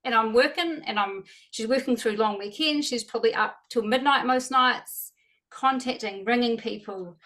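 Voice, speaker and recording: A woman telling an emotional, excited story about a teammate on a video call. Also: on the high side, moderate pace. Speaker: team leader on a call.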